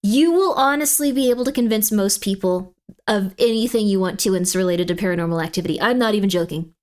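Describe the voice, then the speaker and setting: A woman's voice: medium pitch, fast talker, darkish tone. A woman streamer chatting casually on a livestream, rambling and playfully emphatic.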